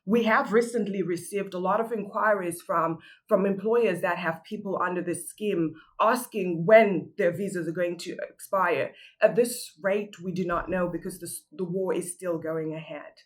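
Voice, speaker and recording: A woman's voice: lowish voice, steady tone, moderate pace, hardly any pauses. A woman who works as an immigration law specialist, giving an earnest webinar presentation and often repeating words as she searches for the next one. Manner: earnest, repeats words while finding them.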